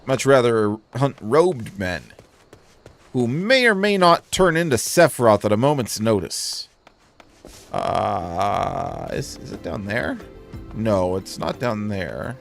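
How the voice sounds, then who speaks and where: A man's voice: fairly low pitch, sing-song, takes it slowly, vocal fry, faint music behind. A man hosting a gaming channel, giving casual let's play commentary with wry, joking asides.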